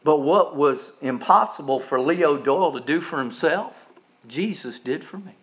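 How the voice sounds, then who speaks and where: A male pastor preaching a sermon, swinging from soft, low passages up to loud, high-pitched climaxes. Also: expressive, moderate pace. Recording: dull lo-fi recording.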